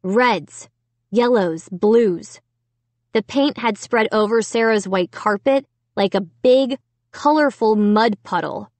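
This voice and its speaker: A woman's voice: medium pitch, slow, darkish tone, no echo. A woman giving a scripted first-person audiobook narration.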